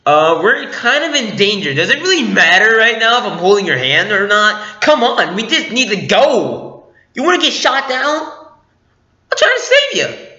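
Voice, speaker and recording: Impatient young woman scavenger, raised pitch, bossy, played by a man; echoey, lo-fi room. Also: sing-song, normal speed, pushed and bright, heavily acted. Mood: exasperated. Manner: bossy, exasperated. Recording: echoey room, dull lo-fi sound.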